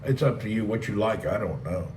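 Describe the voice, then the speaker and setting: A man's voice: lowish voice, lively intonation, fairly quick, darkish tone, a little hiss or hum. Rambling man chatting on a live stream. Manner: rambling, joking, reads chat aloud. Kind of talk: casual live-stream chat. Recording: roomy, distant mic with faint ambience.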